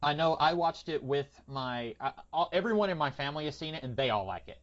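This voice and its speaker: A man's voice: a little high, lively intonation, quick pace, crowd noise. A man hosting a podcast, chatting casually and opinionatedly about movies with many hesitations. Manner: rambling, opinionated, frequent hesitations. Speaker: podcast host. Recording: lo-fi audio.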